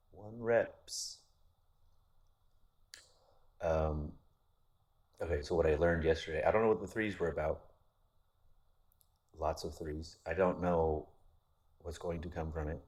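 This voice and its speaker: In a casual vlog monologue, a man with a very deep, husky voice speaks in a flat, even tone. He rambles candidly, restarting sentences and swearing offhandedly.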